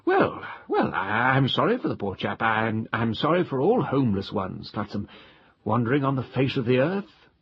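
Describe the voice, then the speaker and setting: Male reader doing a drunk, overly polite gentleman guest, voice raised and husky, in a storybook reading. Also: mid-range voice, wildly swooping pitch, moderate pace, no echo, heavily acted. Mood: tipsy, genial. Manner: slurred exaggerated civility, sing-song. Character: tipsy middle-aged gentleman hotel guest, pompous. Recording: dull lo-fi recording.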